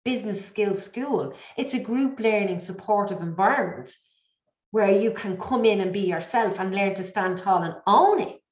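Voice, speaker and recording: A middle-aged woman speaking as an interview guest, telling her story in an emotional, repetitive, animated way. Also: mid-range voice, moderate pace. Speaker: guest, business coach. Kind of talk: candid conversational interview. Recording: echoey, dull lo-fi audio.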